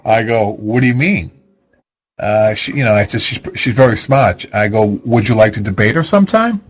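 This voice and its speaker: Rambling, low-voiced male radio host. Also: lively intonation, moderate pace, rough recording. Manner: rambling, self-deprecating, many fillers and restarts. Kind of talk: casual radio chat.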